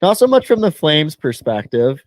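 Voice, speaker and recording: A man's voice: fairly high pitch, very animated, moderate pace, no room sound. A young Canadian man co-hosting a podcast, chatting casually and loosely with lots of fillers. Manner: loose, rambling sports talk with many fillers. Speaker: podcast co-host. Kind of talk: casual chat.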